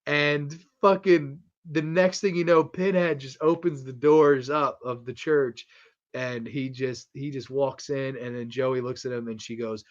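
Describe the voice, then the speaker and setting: A man hosting a casual horror movie review livestream from home, rambling excitedly and swearing a lot. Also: mid-range voice, measured pace, dull audio. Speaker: livestream host. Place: home streaming setup with posters behind.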